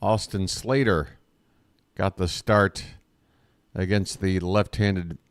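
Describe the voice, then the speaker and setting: Speaking slowly in a low voice with fairly even intonation, a man does play-by-play for a baseball game as a fan streamer. He's chatty and self-deprecating, addressing his chat on a close desk mic, and the sound is dry.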